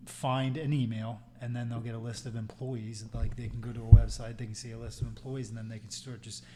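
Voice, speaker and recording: A man's voice: mid-range voice, little pitch movement, a little fast, background noise. A man co-hosting a podcast, explaining step by step in casual chat. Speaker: podcast co-host.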